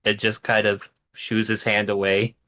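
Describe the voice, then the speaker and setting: A man playing a tabletop game, laid-back and quick to laugh. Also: on the low side, completely flat delivery, pushed and bright. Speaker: player.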